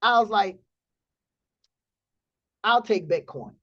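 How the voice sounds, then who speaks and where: A man hosting a trading community stream, telling a story in blunt, animated casual talk with profanity. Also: sits high, slow pace, highs cut off.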